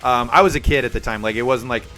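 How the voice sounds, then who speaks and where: A man's voice: medium pitch, fast, soft background music. A young man hosting a live stream, telling a story in casual chat with viewers and acting out the voices in it. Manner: animated, acts out voices in his stories. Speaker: livestream host.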